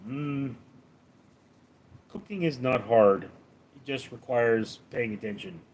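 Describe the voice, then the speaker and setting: A man's voice: medium pitch, expressive, slow pace, a little mellow, a little hiss or hum. A man hosting a casual live stream, reading viewers' names and questions aloud and answering them in a dry, offhand way.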